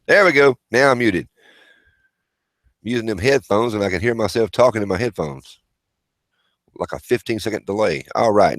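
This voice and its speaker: A man's voice: low voice, no room sound. A man hosting a casual livestream, rambling as he reads viewer chat and calls out names. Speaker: livestream host.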